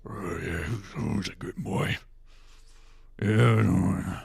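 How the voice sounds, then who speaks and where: A man putting on the voice of a middle-aged male conspiracy radio host, growling in a low, jaw-clenched drawl. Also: slow pace, gravelly, darkish tone, husky, dry recording, heavily acted.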